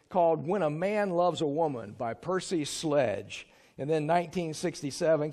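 A man's voice: fairly high pitch, darkish tone. A man preaching a sermon in a church, talking in a loose, conversational way with the congregation. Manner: conversational, chuckles and sings snatches to the congregation. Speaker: pastor. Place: church sanctuary.

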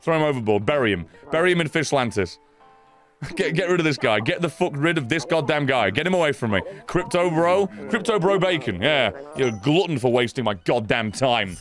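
A man's voice: on the high side, animated, brisk, fairly bright tone, faint music behind. A man in his thirties giving live, sweary game commentary, ranting at the game in exasperation. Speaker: gaming streamer.

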